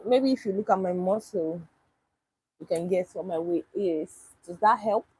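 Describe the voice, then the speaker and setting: A woman's voice: lowish voice, a little mellow, slightly rough, rough recording. A woman from Nigeria, chatting casually on a livestream and answering viewers' questions with wry disbelief. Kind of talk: casual livestream chat reading comments.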